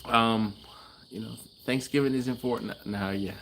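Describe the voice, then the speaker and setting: Laid-back male livestream host, casual and chatty, mid-pitched voice, faint crickets in the background. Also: steady tone, moderate pace, fairly bright tone, a little hiss or hum. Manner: laid-back, chatty, laughs often, trails off. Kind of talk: casual live-stream chat reading comments. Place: garage.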